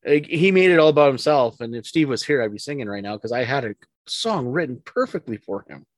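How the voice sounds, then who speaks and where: A man's voice: medium pitch, animated, fairly quick, no room sound. Podcast co-host, man, opinionated and joking, dry close sound. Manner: opinionated, joking, stumbling restarts. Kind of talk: casual sports chat.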